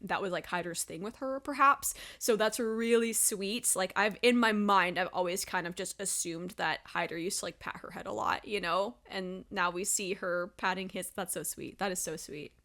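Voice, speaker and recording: A woman hosting an anime reaction video, talking in a casual, gushing, excitable way. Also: mid-range voice, normal speed, hardly any pauses. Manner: gushing and excitable, with gasps and exclamations.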